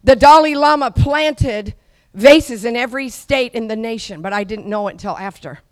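A middle-aged woman preaching a charismatic sermon, exhorting her audience to repeat after her and building to shouts. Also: on the high side, normal speed, dry recording. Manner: exhorting, call-and-response with the audience, rising to shouts.

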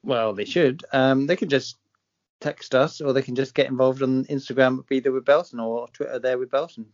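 A man's voice: medium pitch, fairly even intonation, a little fast. A man co-hosting a podcast in casual chat, joking and offhand. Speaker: podcast co-host. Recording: dull lo-fi recording.

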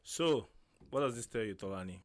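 A man's voice: fairly low pitch, a little fast, no echo. A young man, co-hosting a podcast, telling stories expressively and swearing. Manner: expressive storyteller, laughs often, swears. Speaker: podcast co-host. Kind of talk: casual chat.

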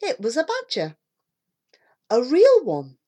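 A woman reads a children's storybook aloud at an unhurried pace, her voice rising and falling a great deal. It sits a little high, and she gives every sentence expressive colour. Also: slightly rough. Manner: expressive, lively read-aloud delivery.

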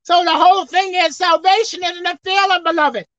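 A woman preacher delivering a sermon, swinging between loud emphatic outbursts and quiet asides. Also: extremely high pitch, steady tone, normal speed, dry recording. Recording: dull lo-fi dry sound.

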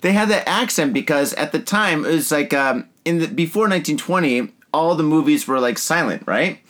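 A man's voice: a little high, normal speed. A man hosting a casual drinking podcast, joking and laughing often as he talks. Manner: laughs often, jokey and excitable. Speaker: podcast host.

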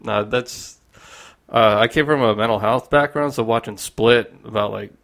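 Man, podcast co-host, casual chat, laughs often, mid pitch. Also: normal speed, vocal fry, a bit bright.

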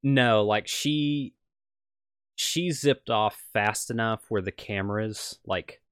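Young man, game master, low voice, rambling, dry close mic. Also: slow, fairly bright tone, clean tone, no echo. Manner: rambling, many "like" fillers. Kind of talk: narrating a tabletop game.

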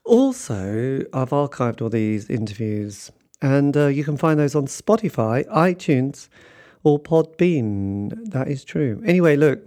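A man's voice: medium pitch, sing-song, a little slow, dark tone. A man hosting a podcast, signing off with dry jokes. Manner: dry, joking. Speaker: podcast host. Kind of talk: podcast outro.

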